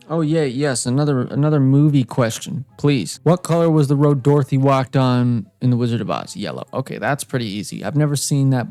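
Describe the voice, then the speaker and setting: A man's voice: mid-range voice, darkish tone, no room sound. Young man reacting to trivia. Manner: reads trivia questions aloud, then reacts with exasperated, self-mocking outbursts. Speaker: gaming YouTuber. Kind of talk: casual gameplay commentary.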